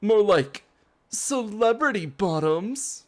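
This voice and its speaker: A streamer voicing a pompous, theatrical young male villain from a video game, with slow, drawn-out, haughty delivery. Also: mid-range voice, expressive, a little mellow, voice pushed up. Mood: smug.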